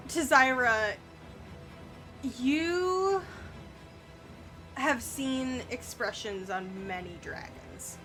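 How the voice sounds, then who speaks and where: A woman narrating as game master, unhurried and conversational, with fillers. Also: sits high, lively intonation, fairly bright tone, soft background music.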